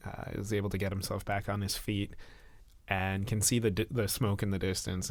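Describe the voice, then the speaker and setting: A man narrating his character's actions in a tabletop role-playing game in a measured, descriptive way. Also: deep voice, dry recording. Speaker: game player.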